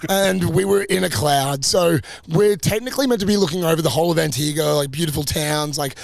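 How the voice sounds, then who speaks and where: A young man co-hosting a podcast, telling travel stories in a lively, laughing, foul-mouthed way. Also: on the high side, a little fast, creaky, no room sound. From Australia. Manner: animated, laughing, swearing storyteller. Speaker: podcast co-host. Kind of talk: casual travel storytelling.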